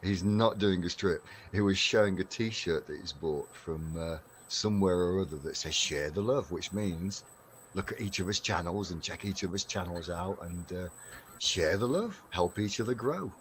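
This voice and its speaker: A man's voice: sits low, moderate pace, slight background noise. An English man from Derbyshire hosting a casual live stream chat, chatty and laughing often, with plenty of fillers. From Derbyshire, England.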